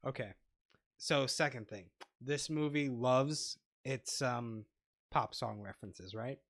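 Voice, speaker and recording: A man's voice: medium pitch, takes it slowly, fairly bright tone. A man co-hosting a casual movie podcast, playful and rambling, often restarting his sentences. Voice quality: playful, rambling, self-interrupting. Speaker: podcast co-host. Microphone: lavalier microphone.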